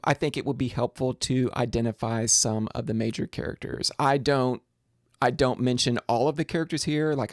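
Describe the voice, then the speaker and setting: A man's voice: mid-range voice, no echo, clean studio sound. A man lecturing on poetry in a recorded video lesson. He explains step by step and often restarts his phrases. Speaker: literature lecturer.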